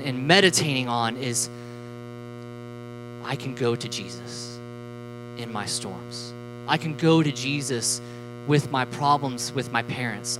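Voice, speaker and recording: Animated, joking youth preacher. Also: mid-range voice, poor audio. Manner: animated and joking, with frequent laughs and fillers. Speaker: youth pastor. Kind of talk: youth sermon.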